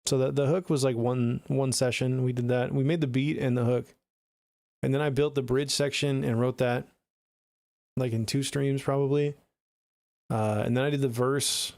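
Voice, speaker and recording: A man hosting a music livestream in relaxed, chatty fashion, answering viewers one by one. His mid-range voice carries a gravelly rasp. The recording is dry and close, with no room echo. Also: mid-range voice, normal speed. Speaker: music producer streaming live. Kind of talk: casual livestream chat.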